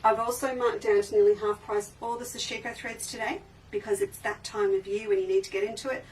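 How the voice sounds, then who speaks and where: Her voice is mid-range, steady in tone and a little fast as she runs a casual livestream sale from her sewing shop. She's enthusiastic and chatty, frequently trailing off and beginning sentences again; the mic is slightly distant, with faint noise behind her.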